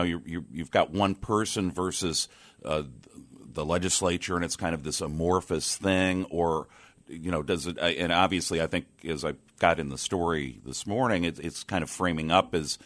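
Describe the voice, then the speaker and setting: Man, radio host, very deep voice, rambling talk with restarts. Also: moderate pace, a bit bright. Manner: rambling, many fillers and restarts. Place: statehouse press room.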